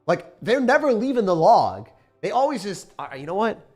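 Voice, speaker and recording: A young man giving rambling, casual commentary on his gameplay, excitable and sometimes swearing. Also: high voice, normal speed, faint music behind. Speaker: gaming YouTuber.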